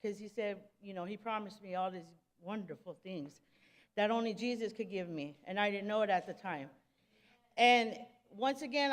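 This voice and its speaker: At a church service, a nervous woman gives a spoken testimony in casual street slang, halting and restarting often. Her pitch is medium, and the audio has a big-room sound.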